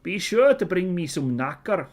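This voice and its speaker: A man's voice: high voice, very animated, moderate pace, a little mellow, voice pushed up. A man voicing a friendly female robot salvager and mechanic, with a put-on Scottish accent in a chirpy, slightly raised voice.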